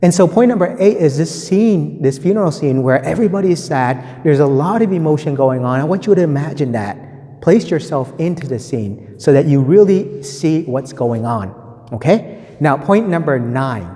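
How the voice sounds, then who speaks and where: A man walks through a gospel reading in an easy teaching tone, stopping to ask "right?" and stressing his points again. His voice is mellow and dark. The sound rings with a long reverb tail. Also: a little high, expressive, moderate pace. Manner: conversational, repeats points, many "right?" tag questions. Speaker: preacher giving a gospel reflection. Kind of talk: teaching reflection on scripture.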